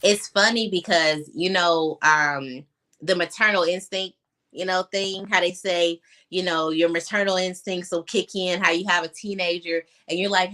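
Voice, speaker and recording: A young adult woman speaks as a guest on a video call in a fairly low, steady, sharp voice at a moderate pace. She tells her personal story candidly, with many fillers, choking up at times.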